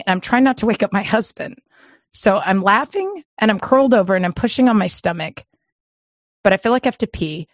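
Rambling, animated woman storyteller. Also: medium pitch, dry recording, clean studio sound. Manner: rambling, animated, laughing often. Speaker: podcast co-host. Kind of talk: casual storytelling chat.

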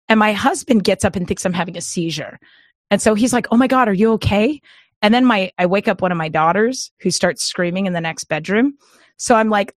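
A woman co-hosting a podcast, telling a long story in a rambling, animated way and breaking into laughter often. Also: medium pitch, dry recording, studio quality. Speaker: podcast co-host. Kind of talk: casual storytelling chat.

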